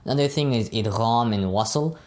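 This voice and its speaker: A man's voice: medium pitch, moderate pace. A young man giving a casual Arabic pronunciation lesson, often tagging his sentences with "right?" and "you know". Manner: relaxed, frequently adds "right?" and "you know". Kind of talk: casual teaching monologue.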